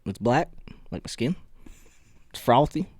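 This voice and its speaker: A man's voice: medium pitch, expressive, measured pace, darkish tone, slightly rough, dry recording. A man doing a tipsy Irish man who praises beer, in a mumbling attempt at an Irish accent. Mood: boozy.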